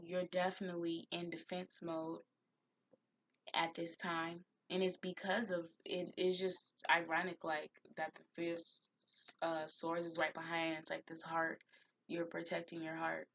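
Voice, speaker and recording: Woman tarot reader, unhurried and low-voiced, earnest spiritual encouragement, faint noise behind. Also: creaky. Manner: slow, heartfelt, encouraging, spiritual; gets emotional.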